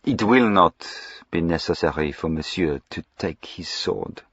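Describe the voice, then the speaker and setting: A man doing a suave French-accented highwayman. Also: a little slow, fairly bright tone, slightly rough, dry recording, dull audio, exaggerated voice. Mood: ironic. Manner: polite, ironic, commanding.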